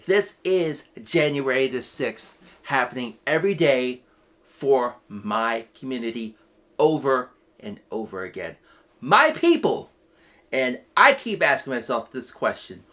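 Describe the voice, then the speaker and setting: A man hosting a weekly web show's news segment, giving earnest, impassioned commentary that swings from quiet to loud outbursts. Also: mid-range voice. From United States.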